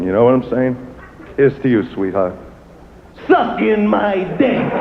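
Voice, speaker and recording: A man's voice: medium pitch, narrow, tinny audio, heavy background noise. A male stand-up comedian doing crude, brash crowd work with a swaggering manner on a stage before a large live audience.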